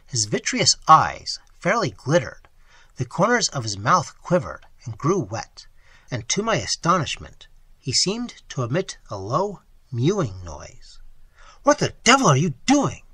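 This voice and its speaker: Audiobook narrator: a very animated pitch, a husky edge, dry close sound. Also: measured pace, no echo. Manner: animated, acts out dialogue with sudden drops to a whisper. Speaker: audiobook reader. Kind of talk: scripted narration.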